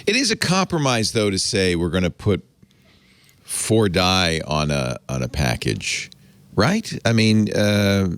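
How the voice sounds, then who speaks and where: Deep-voiced man with a lively delivery. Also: no room sound. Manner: lively questioning, quick asides. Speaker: host. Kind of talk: casual tech podcast discussion.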